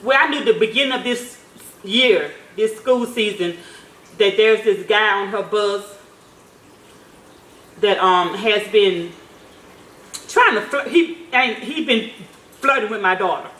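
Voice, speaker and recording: A woman's voice: mid-range voice, slow, pauses often, a bit bright. A mother telling a story in a casual vlog, talking in a loose, slangy way with swearing and many fillers. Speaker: mother and vlogger. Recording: echoey room.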